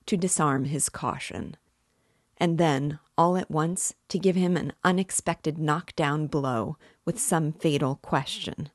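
A woman's voice: low-pitched, darkish tone, no echo, clean studio sound. A woman voicing a sly, fussy, jovial middle-aged male police investigator in an audiobook reading. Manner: fussy, cajoling, laughing.

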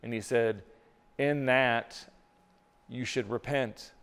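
A man's voice: medium pitch, fairly even intonation, slow, fairly bright tone, clean tone. A man preaching a sermon as pastor, earnest, often repeating words as he builds a point. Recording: long hall reverb.

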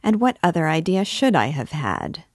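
A woman reading aloud, voicing a proud, fierce young woman who answers curtly and scornfully, in a low voice. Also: sing-song, normal speed, dry recording, studio quality, heavily acted.

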